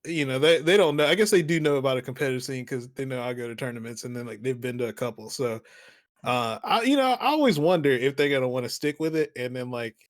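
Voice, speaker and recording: A man in his thirties talks easily on a podcast, loose and unhurried, with lots of filler words. His voice is in the middle range, neither high nor low. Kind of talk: casual podcast chat.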